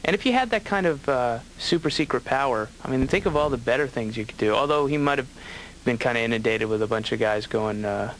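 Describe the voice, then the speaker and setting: A man's voice: medium pitch, a little fast, slight background noise, rough recording. Brief: offhand male stand-up, wry and rambling. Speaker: comedian patient. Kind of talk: stand-up monologue.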